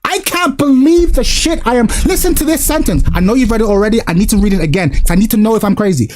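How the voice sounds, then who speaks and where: A man's voice: sits high, animated, fast talker, a little hiss or hum. A man hosting a live stream, ranting in exasperation and swearing as he talks with a guest. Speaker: streamer host. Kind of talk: casual live-stream chat.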